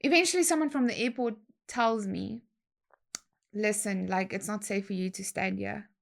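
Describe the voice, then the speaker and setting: A young adult woman, telling a story in a slangy, animated way and acting out other people's lines. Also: medium pitch, moderate pace, vocal fry. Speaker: guest DJ. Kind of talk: casual storytelling chat.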